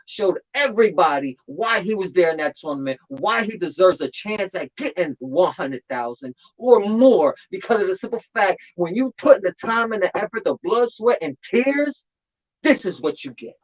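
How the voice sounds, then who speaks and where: A man in casual commentary on a battle rap tournament, talking in an animated way and repeating phrases for emphasis. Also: sits high. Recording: slightly dull lo-fi audio.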